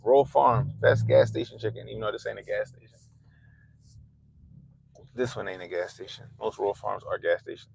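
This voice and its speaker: A man hosting a livestream, ranting casually and swearing constantly, swinging between loud outbursts and low mutters. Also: normal speed, creaky, long pauses, slight background noise, low-quality recording. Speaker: livestream host. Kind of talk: profane casual rant. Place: Baltimore.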